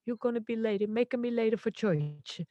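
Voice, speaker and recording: A woman's voice: on the high side, lively intonation, fairly quick, warm tone, dry recording, lo-fi sound, pitched above the performer's own voice, lightly acted. A woman putting on her elderly Italian grandmother, scolding in broken English with a strong Italian accent. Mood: fussing.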